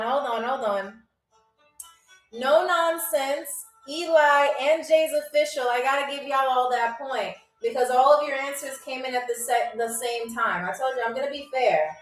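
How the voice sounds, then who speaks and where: Bubbly high-voiced woman hosting a live quiz, teasing her chat, heard off-mic in an echoey room with faint music behind. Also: a bit bright. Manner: chatty, teasing, reads viewer comments aloud. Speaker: game show host on a livestream. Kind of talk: casual live-stream chat. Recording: roomy echo, distant from mic, faint music.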